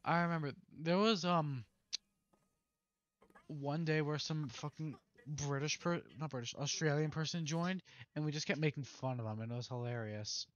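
A man's voice: fairly high pitch, normal speed, a bit bright, highs cut off. A young man playing games with a friend on a livestream, talking bluntly and swearing a lot. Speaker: co-player on stream. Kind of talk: casual gaming chat.

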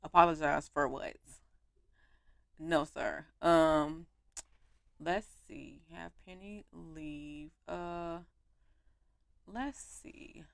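A young woman giving animated, slangy commentary while playing a life-sim game on her home mic. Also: low voice, drawn-out words, creaky, pauses often, dry recording. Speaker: gaming YouTuber. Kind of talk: let's play commentary.

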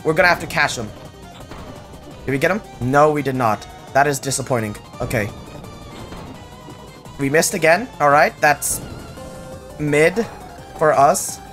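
Young man, gameplay commentary, jokey, excitable, slightly high voice, faint music behind. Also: measured pace, long pauses. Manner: excitable, jokey, yelps at surprises. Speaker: gaming channel host.

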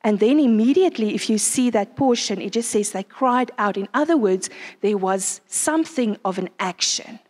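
Animated woman conference speaker with a fairly high voice, recorded in an echoey hall. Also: normal speed. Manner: animated, asks the crowd frequent rhetorical questions. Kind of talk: sermon. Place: conference venue.

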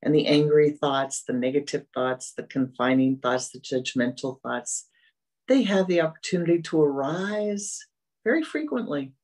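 A spiritual teacher giving a meditative dharma talk, gentle and repetitive, often fading to soft murmurs. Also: medium pitch, normal speed, low-quality recording.

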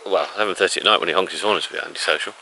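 A man's voice: low-pitched, racing, creaky, bright, forceful tone, a little hiss or hum, rough recording. A man chatting casually through a travel vlog outdoors in the countryside, rambling a little and laughing now and then. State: out of breath. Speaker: vlogger.

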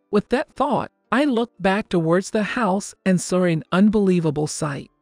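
An older woman narrating a first-person family story in a calm, even, scripted storytelling delivery. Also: lowish voice, no echo, studio quality. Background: faint background music.

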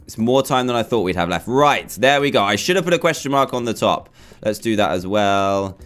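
A man's voice: lowish voice, expressive, brisk, fairly bright tone. A young man commentating his own gameplay, chatty and flustered as he talks himself through a build. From England. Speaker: gaming YouTuber.

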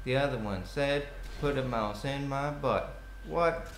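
A young man giving excitable gameplay commentary, swearing and yelling at the game. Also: mid-range voice, a little slow. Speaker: gaming commentator. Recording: echoey room with faint noise.

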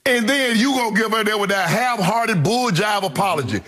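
A man's voice: high-pitched, expressive, normal speed, bright, forceful tone. A middle-aged man giving heated, emphatic opinion commentary on a sports debate show, hammering his points home by repeating them.

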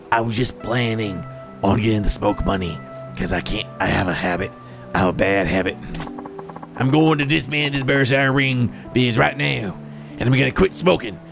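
A man voicing a gruff, chain-smoking woman in her thirties with a husky, gravelly voice, curt and dismissive. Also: on the low side. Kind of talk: voice-acting game dialogue for a stream.

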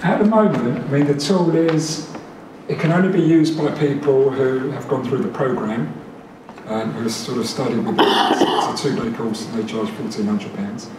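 A man's voice: medium pitch, normal speed. Man lecturing in an echoey room. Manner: lively, chatty, with laughs. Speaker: presenter. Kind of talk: talk to a room. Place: meeting room. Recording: echoey room, distant mic, noise.

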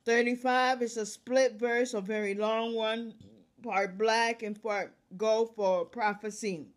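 A woman reading scripture aloud verse by verse, calling out verse numbers and restating each passage in plain words, with pauses where she coughs. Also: on the high side, steady tone. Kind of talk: Bible reading with commentary.

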